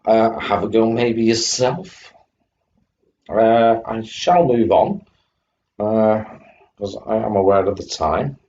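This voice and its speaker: A man's voice: on the low side, animated, takes it slowly, long pauses, a little mellow. A man live-streaming retro computer games, chatting to viewers and fighting off a coughing fit. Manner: chatty, greets chat viewers by name. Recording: dull lo-fi stream audio with faint hum.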